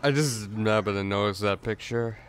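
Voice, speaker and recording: Guy doing let's play commentary, kinda low voice, keeps restarting words, faint hiss behind. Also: moderate pace. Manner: rambling, stammering restarts and chuckles.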